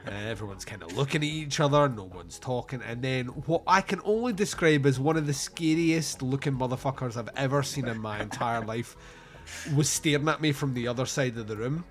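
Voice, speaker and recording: A man's voice: medium pitch, fairly quick, soft background music. A Scottish man from Scotland chatting casually about films, rambling through anecdotes and swearing freely.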